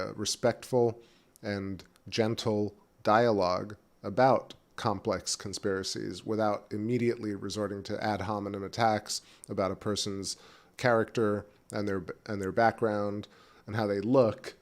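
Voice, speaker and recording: Speaking in a low, flat, unhurried way, a man eats and rambles through a relaxed live-stream chat from his back porch outdoors at home.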